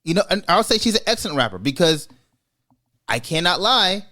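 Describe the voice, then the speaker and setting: A man's voice: sits high, sing-song, fairly quick, sharp tone. A man hosts a casual podcast debate and gives his opinions emphatically. He speeds up when he drives a point home. His delivery is conversational and direct. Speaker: podcast host.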